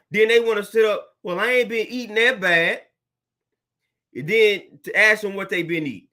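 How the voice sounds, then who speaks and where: A young adult fitness trainer rants bluntly and preachily to camera as motivation, repeating himself and using slang. His voice sits high and sounds a bit bright.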